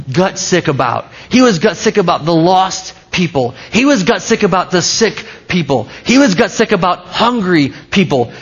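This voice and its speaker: A man preaching in a loose, conversational style, breaking off and restarting his sentences. His voice sits a little on the high side, and the recording sounds somewhat dull and lo-fi. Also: slightly rough. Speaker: pastor. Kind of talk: sermon.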